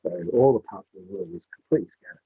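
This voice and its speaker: Man, storyteller, husky voice, tinny dry recording. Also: fast talker, dry recording. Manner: voices the characters with rising pitch for the child. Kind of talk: oral storytelling. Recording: dry, tinny phone-like sound.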